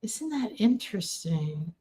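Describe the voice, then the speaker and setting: A woman's voice: medium pitch, very animated, measured pace, dark tone. A woman hosting a live stream of spiritual readings. She speaks earnestly and emphatically, and repeats words for stress as she chats with her viewers.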